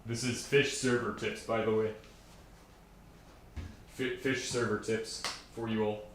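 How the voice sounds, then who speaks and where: A man's voice: on the low side, little pitch movement, a little slow, slight background noise. A man casually chatting on a live stream, joking around and reading viewer comments aloud while he builds a server. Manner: joking, rambling, reads chat aloud.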